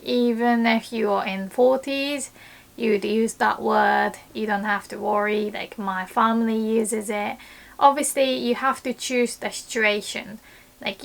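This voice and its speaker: A woman's voice: medium pitch, fairly bright tone. A young woman with a Japanese accent, a native Japanese speaker, teaching a casual video lesson and acting out panicked little exclamations.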